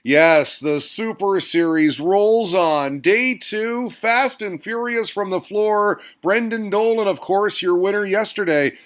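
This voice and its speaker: A man's voice: high-pitched, slow pace, few pauses, a bit bright. A man hosting a darts recap show, narrating a scripted sports roundup in an upbeat, playful way with punchy exclamations.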